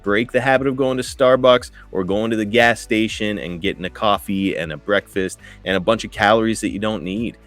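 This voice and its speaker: A man's voice: fairly low pitch, fairly quick, few pauses, a bit bright, soft background music. A man in his thirties co-hosting a podcast, chatting casually and enthusiastically. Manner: casual, enthusiastic, uses "dude" and "guys". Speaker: podcast co-host. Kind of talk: podcast ad read and interview.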